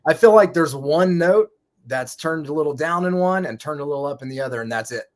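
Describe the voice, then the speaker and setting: A man's voice: on the high side, lively intonation, a little fast. A man chatting casually as a guest on a live stream, rambling and correcting himself as he talks. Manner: rambling, self-correcting, chuckles often. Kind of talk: casual chat.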